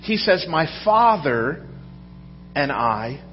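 A man's voice: a little high, sing-song, takes it slowly, a little hiss or hum. A man preaching a sermon to a congregation in a conversational way, often asking the audience questions. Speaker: pastor. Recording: dull sound with long hall reverb.

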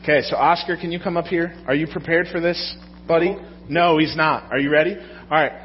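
Man, pastor, sermon, conversational, slightly high voice, long hall reverb. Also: fairly even intonation, brisk, highs cut off, slight background noise. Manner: conversational, asks the audience questions.

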